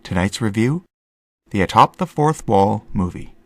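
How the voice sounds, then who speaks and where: A man's voice: fairly low pitch, lively intonation, a little slow, very noisy, voice pushed down. A man putting on a formal show announcer voice to introduce a comedic review. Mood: announcing. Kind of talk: mock announcement.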